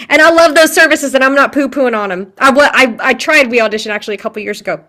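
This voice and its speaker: Lively, bright-voiced woman acting coach. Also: sits high, quick pace. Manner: animated, chatty, laughs often. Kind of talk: live online acting class.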